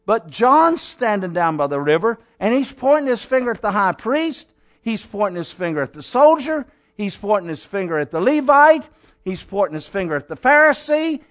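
A man with a notably high voice preaches a sermon. His delivery is emphatic, climbing into near-shouts and dropping to low, hushed lines, and he keeps asking the congregation rhetorical questions.

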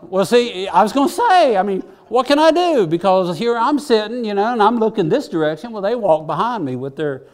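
A man's voice: high-pitched, animated, brisk, hardly any pauses. An older man, a preacher telling homespun stories in a chatty, self-deprecating way with lots of asides. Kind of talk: folksy sermon storytelling.

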